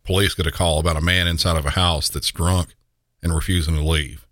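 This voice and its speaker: Man, very low voice, dry wry podcast narrator, dead close mic. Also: little pitch movement, fairly quick, a bit bright, no room sound. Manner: wry, dry-humored asides. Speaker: podcast host narrating police incidents. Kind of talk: scripted narration.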